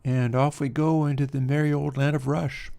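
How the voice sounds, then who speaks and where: This livestream host chats about technical matters in a relaxed, musing manner while working on an audio edit. His medium-pitched voice is creaky, and his pace is moderate.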